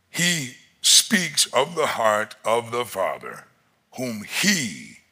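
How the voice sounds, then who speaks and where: A man preaching a sermon as pastor, expressive and emphatic, rising to loud peaks. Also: mid-range voice, slightly rough.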